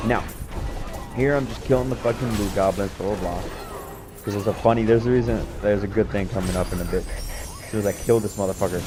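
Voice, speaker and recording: A young man casually commentating on his own gameplay clips, rambling and swearing with lots of filler words. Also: fairly low pitch. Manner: rambling, profane, laid-back, heavy on filler words.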